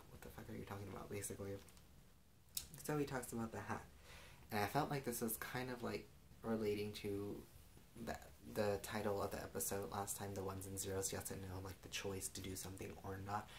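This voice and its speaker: Young male recapper, deep and flat, loose rambling delivery. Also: slight background noise, poor audio. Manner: rambling, heavy use of "like" and "and stuff". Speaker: TV episode recapper.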